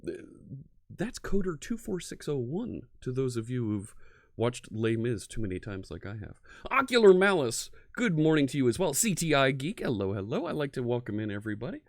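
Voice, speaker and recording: Here the live-coding host from near Philadelphia, United States, talks briskly with big swings in his medium-pitched voice. The sound is studio quality and dry. He chats casually, greets his viewers, and laughs easily.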